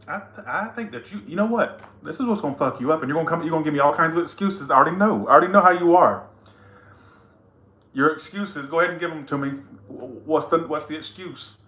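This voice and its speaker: Blunt, bright-voiced man reading tarot. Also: fairly high pitch, quick pace, echoey room. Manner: blunt, profane, teasing. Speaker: tarot reader. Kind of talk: casual tarot reading to camera.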